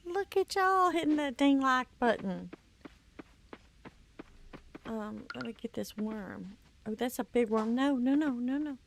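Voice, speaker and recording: A woman's voice: high-pitched, gravelly, fairly bright tone, no echo. A woman chatting casually to her viewers while she plays a video game, tired and nursing a headache. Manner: chatty, talks to chat and to herself while playing. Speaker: let's play streamer. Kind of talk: casual gameplay commentary.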